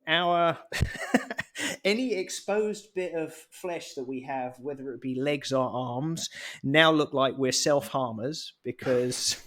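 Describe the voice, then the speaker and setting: A man's voice: mid-range voice, a bit bright. A man co-hosting a podcast, telling a story in a chatty, jokey way. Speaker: podcast co-host. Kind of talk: casual podcast chat.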